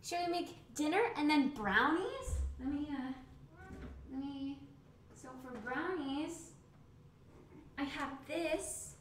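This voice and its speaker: A woman's voice: high voice, lively intonation, slow pace, pauses often, fairly bright tone. A young woman streamer chatting casually and rambling while she cooks, with the mic set away from her in a home kitchen. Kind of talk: casual chat. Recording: roomy echo, faint background hiss.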